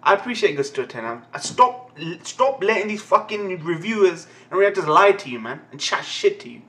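A young man giving a live anime reaction, excitable and ranting, swearing constantly. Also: sits high, fairly quick. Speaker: anime reaction channel host.

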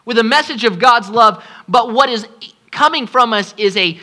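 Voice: medium pitch, moderate pace, sharp tone. A pastor preaching a sermon at a congregation service, impassioned and pleading, repeating phrases for emphasis.

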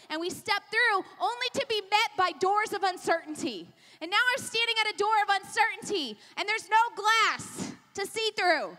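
A woman's voice: extremely high pitch, pushed and bright. A middle-aged woman pastor preaching a sermon at a women's rally, with an impassioned, repetitive cadence. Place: large church hall. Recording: long hall reverb.

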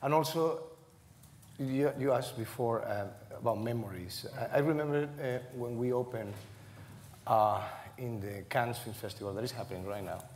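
A man's voice: medium pitch, moderate pace, a little mellow, in a large hall. Guy, telling stories in an interview, laughs a lot, bit of background hiss. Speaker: cast member interviewee. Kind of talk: conversational interview.

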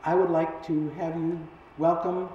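A man gives a halting formal introduction for a guest lecturer, pausing on fillers as he goes. He sounds far from the microphone, and the recording is dull and muffled. The sound rings with heavy echo from a large hall. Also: fairly high pitch, flat delivery, warm tone, a little hiss or hum. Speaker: event host introducing the speaker.

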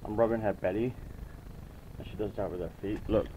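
A man's voice: fairly low pitch, steady tone, a little fast, dark tone, slight background noise, low-quality recording. A young man chatting casually to his viewers in a home vlog, loose and rambling with fillers and restarts. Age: young adult. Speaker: vlogger. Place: family home and garden.

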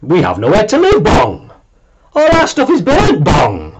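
A man's voice: sits high, huge pitch swings, measured pace, slight background noise, pitched above the performer's own voice, heavily acted. A man voicing a cheeky young girl who is fed up and tacks a "bong" onto each sentence, in a storybook reading. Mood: complaining.

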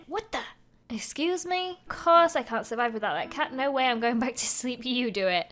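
A woman's voice: on the high side, lively intonation, moderate pace, a bit bright. A woman in her twenties giving bubbly, playful commentary while playing a video game. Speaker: gaming video host. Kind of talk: gameplay commentary.

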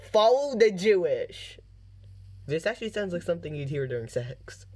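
A man reading funny posts and signs aloud, with dry jokey commentary and bursts of laughter. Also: fairly high pitch. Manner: deadpan reading broken out by laughing fits. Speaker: commentary video host.

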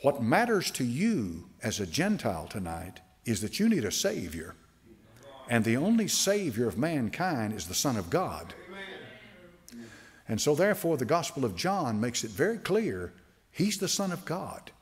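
A man preaching a sermon to a congregation. He slows right down to stress quoted scripture and often restarts his sentences with fillers. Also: mid-range voice, wildly swooping pitch. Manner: emphatic preaching with slow drawn-out quotes. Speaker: pastor.

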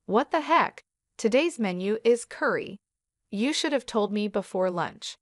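A woman's voice: medium pitch, lively intonation, moderate pace, dry recording, clean studio sound, close to an everyday voice. A woman reading the lines of a cold, demanding husband who scolds his wife. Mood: scolding. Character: cold, bossy young husband.

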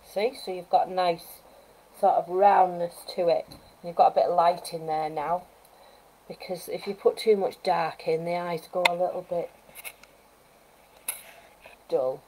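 A woman with a mellow, slightly low voice talks casually through a live painting lesson. She thinks aloud as she works and adds gentle coaching asides for viewers. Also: steady tone, a little slow, long pauses, a little hiss or hum, low-quality recording. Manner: chatty, thinks aloud while working. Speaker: wildlife artist teaching painting. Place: art studio at home, live stream.

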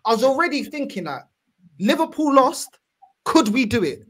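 A man's voice: very high voice, big pitch swings, a bit bright, breathy edge. A young man hosting a casual fan chat, easygoing and full of slang. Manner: fast, easygoing London slang, says bro a lot. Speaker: channel host.

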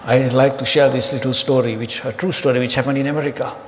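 A man preaching a sermon, telling humorous stories in an animated way. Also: mid-range voice, quick pace. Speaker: pastor. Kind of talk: sermon storytelling. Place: church auditorium. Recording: hall reverb with faint ambient noise.

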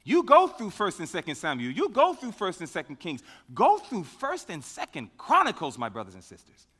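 A male preacher with a high, bright voice that swoops all over as he builds each point. He asks questions and answers them himself, leaning hard into key words. His voice rings out in a long-reverb hall. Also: wildly swooping pitch, moderate pace. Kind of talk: sermon.

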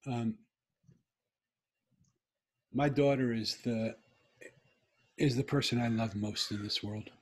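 A man's voice: medium pitch, fairly even intonation, slow, pauses often, husky. A middle-aged man, a podcast guest, telling a personal story in an earnest, heartfelt, emphatic way.

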